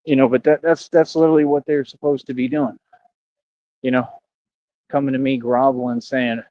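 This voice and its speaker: A man's voice: mid-range voice, flat delivery, moderate pace, pauses often, mellow, no room sound, highs cut off. A man livestreaming, talking straight to his chat in a boastful, confrontational, slangy way. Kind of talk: casual livestream rant to chat.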